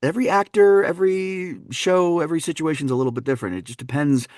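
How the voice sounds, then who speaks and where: A man from Wisconsin, a dialect coach, telling stories on a podcast in an animated, laughing way. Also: on the high side, quick pace, no echo, clean studio sound. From Wisconsin, USA. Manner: animated, laughing, fond of voicing characters. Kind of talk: anecdotal storytelling in a podcast interview.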